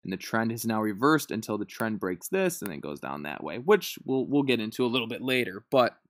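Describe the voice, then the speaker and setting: A man's voice: on the low side, sing-song, fairly quick, no room sound. Man, trading tutor, casual chart walkthrough, dry close sound. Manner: loose and chatty, often checks in with "right?". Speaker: stock trading instructor. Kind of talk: casual screen-share chart lesson.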